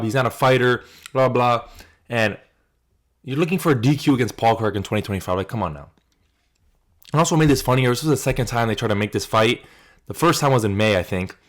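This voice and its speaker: A young man hosting his own channel, talking loosely about fight highlights in a casual, profane way with lots of "like" and restarts. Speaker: channel host. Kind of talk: casual commentary video.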